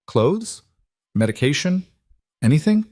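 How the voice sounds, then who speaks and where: A man voicing a cold, controlled mafia boss who speaks in low, clipped commands. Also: big pitch swings, unhurried, a little mellow, no echo, clean studio sound. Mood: gentle.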